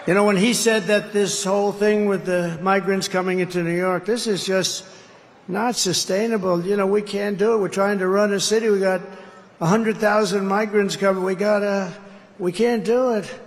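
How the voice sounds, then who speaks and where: A man's voice: high voice, fairly even intonation, normal speed, long reverb tail. A man giving a campaign rally speech, rambling and repetitive with boastful asides. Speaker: political candidate addressing a rally.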